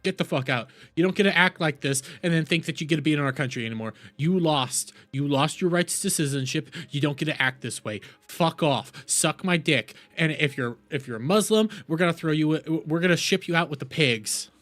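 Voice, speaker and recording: A man from the United States, a live streamer, ranting furiously, swearing often, shouting and repeating himself. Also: a little high, fairly quick, few pauses, faint music behind. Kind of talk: angry live-stream rant.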